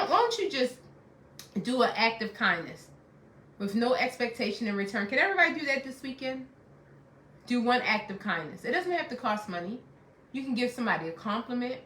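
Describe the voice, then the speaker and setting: Middle-aged lady life coach preaching self-help, bright voice, echoey room. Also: fairly high pitch. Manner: preachy, repeats phrases for emphasis. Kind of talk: motivational self-help talk.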